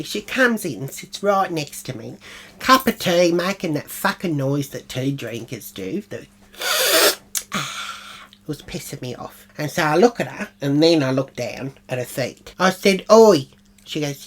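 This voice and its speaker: A low, deep-set woman's voice. She tells her story in a brash, sweary way and snaps into the other people's lines as she quotes them. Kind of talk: comedic character monologue.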